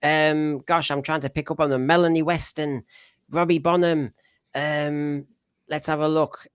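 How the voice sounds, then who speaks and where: A man from Northeast England with a Middlesbrough accent hosts a casual live panel chat, rambling as he reads out viewer comments. His fairly high voice is clear and resonant, delivered flat and a little slowly. The recording is dry and studio quality.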